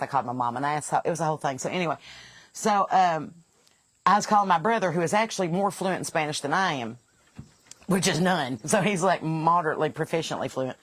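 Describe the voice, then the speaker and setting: Woman in her 40s, Southern accent, chatty and laughing, lowish voice, dry close sound. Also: quick pace, no echo. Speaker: podcast host. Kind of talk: casual family chat.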